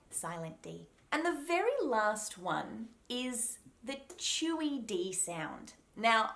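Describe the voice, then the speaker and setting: A woman with an Australian accent teaching a pronunciation lesson, speaking deliberately and repeating each sound to demonstrate it. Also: medium pitch. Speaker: accent coach.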